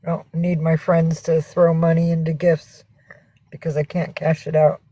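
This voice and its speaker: A woman's voice: deep voice, flat delivery, normal speed, mellow, no room sound, rough recording. A woman hosting a casual livestream from home, rambling and swearing as she greets viewers and coaxes her cats. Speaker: livestream host.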